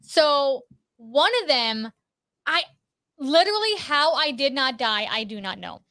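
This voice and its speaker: A woman co-hosting a live show, telling an excited story with strong emphasis. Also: high-pitched, a little slow, dry recording, studio quality. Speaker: podcast co-host. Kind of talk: casual chat.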